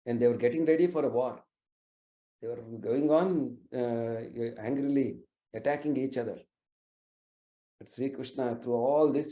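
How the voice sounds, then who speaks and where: A man's voice: mid-range voice, dark tone. A man telling sacred stories as a lecture, in an earnest, explanatory way with frequent fillers and restarts. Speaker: storyteller. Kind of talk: religious storytelling lecture. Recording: roomy echoey recording.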